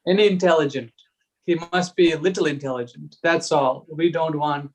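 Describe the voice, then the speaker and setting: Discussion leader, male, a touch high-pitched, reads texts aloud in an unhurried, chuckling way. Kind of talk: reading aloud and group discussion.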